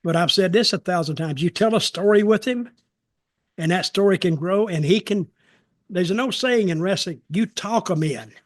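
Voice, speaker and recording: An older man with a fairly high voice tells rambling, folksy stories in a relaxed chat. The sound is close and dry, with no room around it. He often slips into the voices of the people in his stories. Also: moderate pace, no echo. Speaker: storytelling show host, former wrestler. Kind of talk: casual storytelling.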